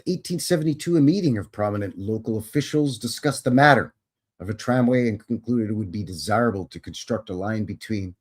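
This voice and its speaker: Mid-range and a little mellow, this man's voice carries a live show where he reads historical passages. Between them he drops sarcastic, casual asides and frequently corrects himself.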